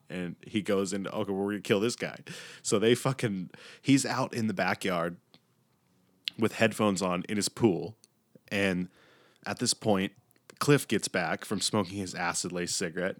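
Low-voiced young man rambling profanely. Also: dry recording. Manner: rambling, profane, animated retelling with acted-out quotes. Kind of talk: casual movie recap.

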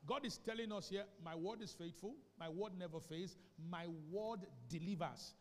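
High-voiced Nigerian pastor preaching. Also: male voice, moderate pace, in a large hall. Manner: call-and-response, emphatic repetition. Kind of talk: sermon. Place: church sanctuary.

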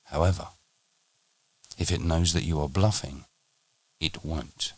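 A man teaching on a podcast, speaking in a measured, deliberate way and slowing down for emphasis. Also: extremely low pitch. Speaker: meditation teacher.

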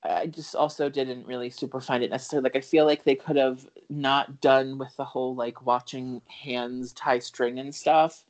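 A man talking loosely through a film review on a podcast, circling his points with fillers and false starts. He is candid and swears now and then, in a relaxed, unscripted chat. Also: mid-range voice, normal speed, few pauses. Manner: rambling, full of fillers and restarts. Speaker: podcast co-host.

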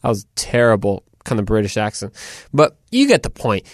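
A man hosting a podcast in casual, rambling chat, animated and full of restarts. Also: fairly low pitch, moderate pace, dry recording, studio quality. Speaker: podcast host.

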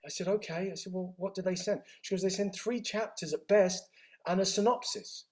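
A middle-aged man, his voice sitting fairly high for a man. He tells his story in an animated, conversational way and slips quickly into the voices of the people in it. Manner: animated, acts out dialogue with quick reported speech. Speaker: interview guest.

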